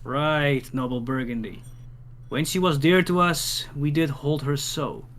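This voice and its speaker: Man reading a proud old raging king, slow declaimed verse, a bit high. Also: a bit bright. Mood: wrathful.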